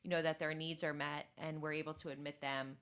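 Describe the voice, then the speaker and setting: Lady guest on a radio show, low but bright voice, explains things plain and friendly. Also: little pitch movement, brisk, clean tone. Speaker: clinical guest. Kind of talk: casual radio talk. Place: radio studio.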